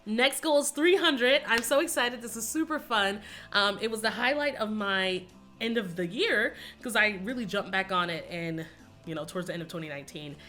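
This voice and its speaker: A young woman in her twenties talks straight to her subscribers in a loose, rambling vlog chat. Her voice is bright and forward, pitched around the middle for a woman, and she laughs often. She keeps dropping "y'all" and wanders from thought to thought. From Texas, US. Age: 20s. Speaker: YouTuber.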